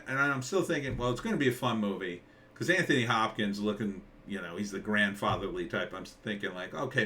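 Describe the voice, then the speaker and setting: Bright-voiced rambling man ranting. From New Jersey. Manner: rambling, sardonic, jumps into mock-surprised high quotes. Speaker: commentator. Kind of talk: casual trailer reaction rant.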